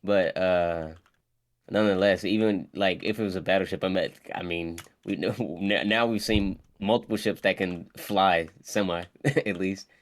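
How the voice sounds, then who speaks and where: A man in casual chat as a guest, hesitant, with many pauses and fillers. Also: low-pitched, fairly even intonation.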